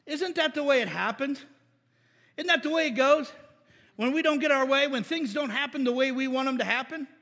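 Bright high-voiced middle-aged guy preaching, playful, acts out voices, big hall echo. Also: brisk. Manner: energetic and playful, acts out voices, asks the crowd "Amen?". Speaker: pastor. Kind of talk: sermon.

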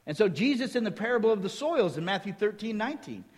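Male preacher, high-pitched, lively teaching delivery with rhetorical questions, church hall echo. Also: quick pace. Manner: lively teaching tone, quizzes the listeners with rhetorical questions, jokes in between. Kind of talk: sermon. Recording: long hall reverb.

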